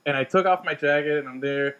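Casting: young male radio co-host, quick and rambling, slightly high voice, studio banter. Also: clean tone, dull audio. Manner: excitable, rambling, swears freely. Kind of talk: casual sports banter.

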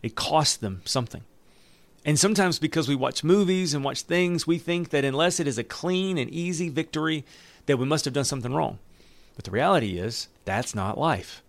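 A man's voice: fairly high pitch, moderate pace, gravelly, no echo. A man preaching a sermon, reading scripture aloud and breaking in with joking asides. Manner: animated, joking asides with laughs. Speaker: pastor.

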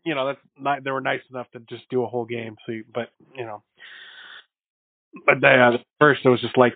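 A man's voice: medium pitch, normal speed, dry recording. A man co-hosting a casual podcast chat, telling stories animatedly and acting out quotes with bursts of laughter. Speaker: podcast co-host. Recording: dry, phone-like narrow sound.

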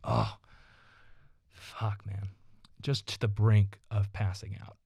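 A man's voice: on the low side, fairly even intonation, slow, gravelly, darkish tone, husky, no echo, studio quality. A man hosting his own solo podcast, rambling and ranting with constant swearing. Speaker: podcast host.

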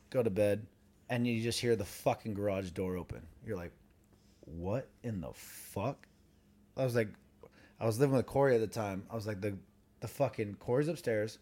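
Profane storytelling man, casual podcast. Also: medium pitch. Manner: animated, profane, laughs while telling stories. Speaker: podcast co-host. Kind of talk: casual storytelling among friends.

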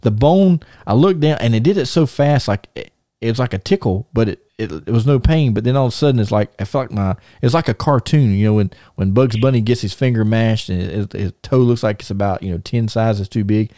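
Guy hosting a podcast, warm low-key voice, rambly and animated, dry close mic. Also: brisk, no room sound. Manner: rambling, many restarts and fillers, animated. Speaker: podcast host. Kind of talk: casual storytelling and show segment intro.

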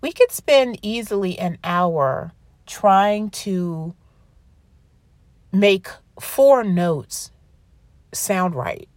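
A woman's voice: mid-range voice, a little mellow, no echo, clean studio sound. A woman hosting a podcast as a classical singer, talking casually and emotionally with many restarts and apologies. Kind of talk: casual podcast talk with read-aloud quotes.

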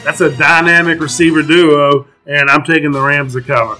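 Male co-host, bright slightly high voice, emphatic picks, music bed faint. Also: flat delivery, normal speed, rough recording. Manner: quotes betting percentages, emphatic picks. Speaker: podcast co-host. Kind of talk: casual sports betting chat.

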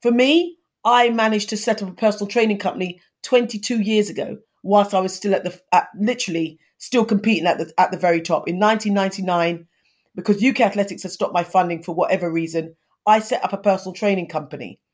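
A woman in her fifties, guesting in a conversational interview, speaks earnestly and gives advice, often restarting her sentences. Her voice is medium-pitched and quick.

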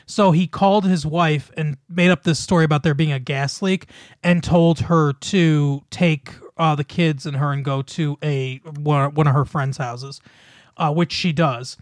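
A man's voice: a little high, steady tone, unhurried, no echo. A man casually recapping a movie plot, rambling and swearing, with lots of fillers and laughs. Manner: rambling, profane, laughs often, many fillers. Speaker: podcast co-host recapping a film. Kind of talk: casual chat.

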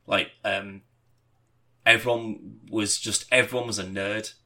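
A man, a podcast co-host, chatting casually and telling a rambling, animated story with swearing and laughter. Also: on the low side, a little slow. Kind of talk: casual chat.

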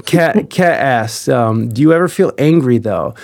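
A man's voice: medium pitch, animated, unhurried, creaky, darkish tone, no room sound. A man hosting a casual conversation, earnest, often repeating words and swearing.

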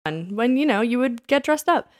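A woman in her thirties, co-hosting a casual chat and telling her dating stories in an animated way, acting out what people said. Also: on the high side, moderate pace. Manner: animated storytelling, acts out quoted lines. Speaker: podcast co-host.

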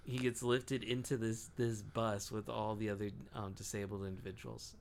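Gravelly, profane young man chatting. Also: lowish voice, little pitch movement, moderate pace, a little hiss or hum. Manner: profane, rambling storyteller. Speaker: podcast co-host. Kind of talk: casual chat.

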